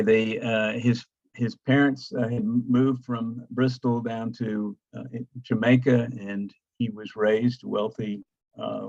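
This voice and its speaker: Older man lecturing with halting restarts. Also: fairly low pitch, creaky, a little mellow, no echo, dull audio. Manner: halting, many fillers and restarts; cues slides with "next". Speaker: guest lecturer, archaeologist. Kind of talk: slide presentation talk.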